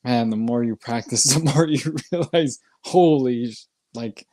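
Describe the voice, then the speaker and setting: A man's voice: mid-range voice, a little slow, warm tone, dry recording. A man co-hosting a casual talk about meditation practice, earnest and rambling, often restarting his sentences. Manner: earnest, rambling with restarts and acted inner voices. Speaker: podcast co-host. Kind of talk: casual spiritual discussion.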